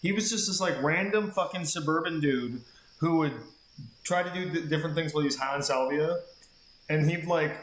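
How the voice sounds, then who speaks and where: Guy streaming a game, kinda high voice, swears a lot, rambles on, roomy echo. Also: brisk, fairly bright tone. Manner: rambling, profane storytelling. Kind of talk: casual chat while gaming.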